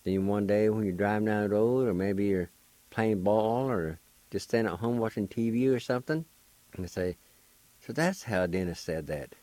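An older man from Oklahoma with a low, dark voice, teaching words on the radio. He spells each one slowly and deliberately, letter by letter, then repeats it. The sound is close and dry. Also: no room sound. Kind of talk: slow spelling and pronunciation lesson.

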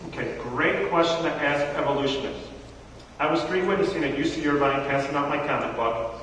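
Animated man speaking in an echoey hall. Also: a little high, fairly quick, far from the mic, a little hiss or hum. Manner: animated storyteller acting out dialogue. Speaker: speaker teaching a church audience. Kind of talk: lively talk to a live audience. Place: large hall with audience.

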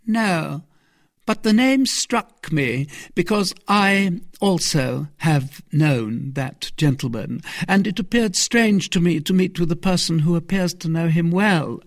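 A reader voicing a cunning, deceitful noblewoman in a storybook reading, with a raised, expressive character voice. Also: mid-range voice, takes it slowly, no room sound, clean studio sound, pitched above the performer's own voice. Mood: stammering.

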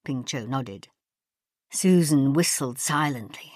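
A woman narrating an audiobook in a measured storytelling manner. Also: extremely low pitch, expressive, a little mellow, dry recording, studio quality. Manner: measured storytelling, voices characters. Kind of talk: scripted narration.

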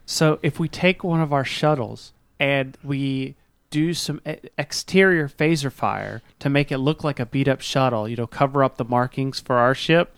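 A man playing a tabletop role-playing game, eagerly pitching ideas and asking questions. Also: a bit bright, clear, resonant tone, no room sound. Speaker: player.

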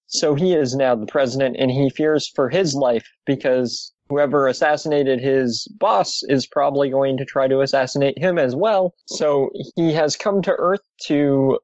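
A man's voice: medium pitch, moderate pace, hardly any pauses, no echo, highs cut off. Guy recapping old comics, dry little jokes, dead dry mic. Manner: steady summarizing, dry asides. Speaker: podcast host. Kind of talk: casual comic book recap.

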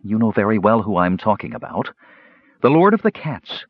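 Guy doing an uneasy noblewoman counselor, pitched up, pleading, dull dry recording. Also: very animated, moderate pace, breathy edge, dry recording. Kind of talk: audiobook character reading.

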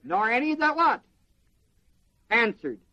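A man preaching a sermon in an animated way, quizzing the congregation with questions. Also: extremely high pitch, takes it slowly. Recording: dull lo-fi sermon recording.

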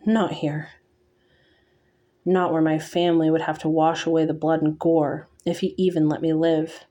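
A woman reading aloud, voicing a frightened, defiant young woman who speaks in a trembling hush. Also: low-pitched, flat delivery, moderate pace, close to an everyday voice. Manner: trembling whisper.

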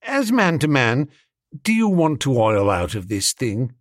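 A man voicing an impulsive young gentleman who talks in a chummy, excitable way. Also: mid-range voice, measured pace, no room sound, clean studio sound. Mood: breezy.

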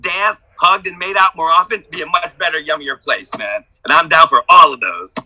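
A middle-aged man on a group video call, swearing freely and moving from quiet confession to shouted hype-man enthusiasm. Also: a little fast, rough recording. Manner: profane, exuberant, hype-man energy swinging from low confession to shouting. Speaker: workshop participant.

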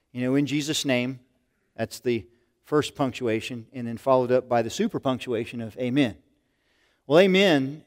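An older man delivers a sermon in an earnest, conversational manner. His voice sits at an ordinary middle pitch, and he often circles back and restarts a phrase as he teaches. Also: a little mellow. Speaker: pastor.

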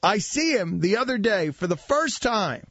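A man in his forties hosting a sports talk radio show, animated and needling. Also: high-pitched, moderate pace, husky, dry recording, muffled recording. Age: 40s. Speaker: radio host.

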